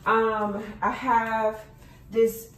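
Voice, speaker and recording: Talking very slowly in a slightly high, level voice, a Houston, Texas woman vlogs casually to camera from her bedroom apartment. She's a chatty storyteller with plenty of fillers, and the room is echoey.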